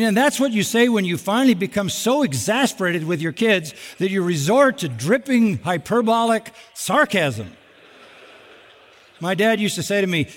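Middle-aged male pastor, lively sermon delivery, slightly high voice, long hall reverb. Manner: animated, with sarcastic asides and acted-out quotes.

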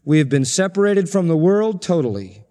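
A man's voice: on the high side, very animated, moderate pace, mellow, long reverb tail. A man preaching a sermon as pastor, emphatic and driving points home by repeating short phrases.

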